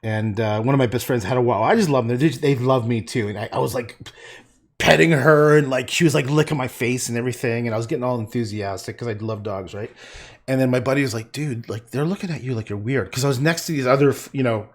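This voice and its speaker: A middle-aged man chatting casually and gruffly while he paints on a livestream, swearing and laughing often. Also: mid-range voice, quick pace.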